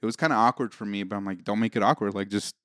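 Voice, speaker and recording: A man's voice: on the low side, rapid-fire, a bit bright, no echo, studio quality. A man on a podcast, chatting casually and telling personal stories, acting out the lines of the people in them. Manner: storytelling, acts out quoted lines. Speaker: podcast guest. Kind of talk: casual chat.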